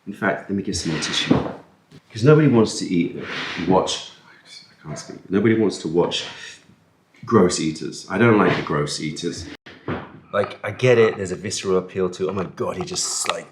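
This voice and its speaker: A man's voice: low voice, normal speed, long pauses, roomy sound, a little hiss or hum. A man chatting casually while eating curry on camera, rambling and self-deprecating, sometimes talking with his mouth full. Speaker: food vlogger. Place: indoors at a table, eating. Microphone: camera-mounted mic.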